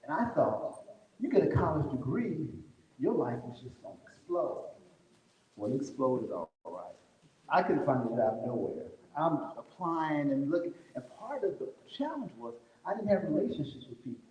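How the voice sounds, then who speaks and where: A man's voice: on the high side, very animated, moderate pace, warm tone, muffled recording, slight background noise. Folksy man speaking in an echoing hall. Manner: folksy, storytelling, addresses the crowd directly. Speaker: conference speaker. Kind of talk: motivational talk to a live audience. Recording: echoey hall with long reverb.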